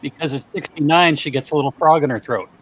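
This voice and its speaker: Male guest, higher pitch, playful joker. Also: quick pace, a little hiss or hum, rough recording. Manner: teasing, sets up jokes. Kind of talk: casual live stream chat.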